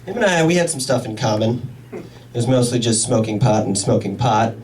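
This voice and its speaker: A young man from Indiana doing a stand-up comedy set in a club, animated and acting out the people in his stories. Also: medium pitch, a little fast, slight background noise. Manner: animated, acts out quoted voices. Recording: live club sound from a distance. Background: audience.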